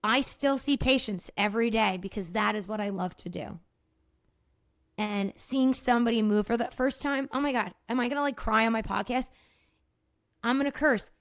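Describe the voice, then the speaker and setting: Lively, fast-talking woman podcast host. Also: fairly high pitch, dry recording, studio quality. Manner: energetic, swears casually, laughs at herself. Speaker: podcast host and movement therapist. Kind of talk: casual explanatory monologue.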